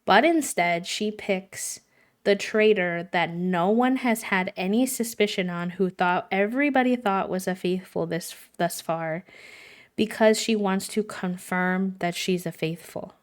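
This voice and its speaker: Young woman, live streamer, casual chatty talk, animated retelling, filler words, mid-pitched voice. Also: unhurried.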